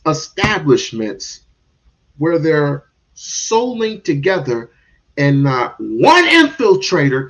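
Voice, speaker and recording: A man's voice: on the high side, highs cut off. A man giving heated, casual commentary on a stream, restarting and repeating words as he goes.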